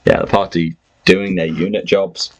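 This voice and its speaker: A man's voice: low-pitched, flat delivery, normal speed, rough recording. A man hosting a podcast, casually recapping a tabletop game with friends, rambling with lots of fillers and frequent laughter. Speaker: podcast host and game master.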